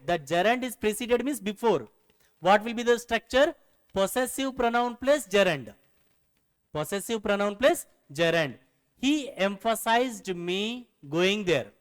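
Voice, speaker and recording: A man's voice: sits high, long reverb tail. A man teaching a grammar lesson, explaining rules step by step and repeating key phrases.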